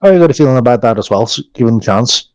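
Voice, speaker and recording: A man's voice: mid-range voice, lively intonation, fast, darkish tone, no room sound. Man role-playing through a dull, dry mic. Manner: slips into a character accent. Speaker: player. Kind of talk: in-character tabletop role-play.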